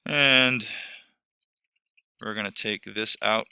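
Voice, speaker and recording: A man's voice: lowish voice, fairly even intonation, slow, pushed and bright, clear, resonant tone, dry recording. A man teaching a screen-recorded lesson, rambling and correcting himself as he talks through each step.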